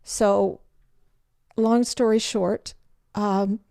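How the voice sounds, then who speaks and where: An older woman, the guest in an interview, telling her life story in an animated way and acting out the voices of people in it. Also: mid-range voice, drawn-out words, gravelly, no room sound, studio quality. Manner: animated storyteller who acts out quoted voices.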